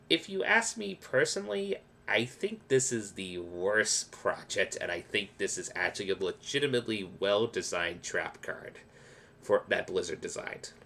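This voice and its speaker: A man talks through card game strategy in a loose, rambling way, often acting out what other players might say. His pitch swings widely from line to line. His tone is bright and forward. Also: sing-song, normal speed. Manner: explanatory, rambling with restarts and quoted asides. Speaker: gaming video creator. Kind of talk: casual gameplay tips commentary.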